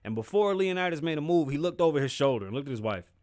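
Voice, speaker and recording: A man's voice: on the high side, expressive, fast, darkish tone, no echo, clean studio sound. A man hosting his own show, talking candidly about feelings and relationships in casual, profane street slang. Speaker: podcast host. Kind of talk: casual solo commentary.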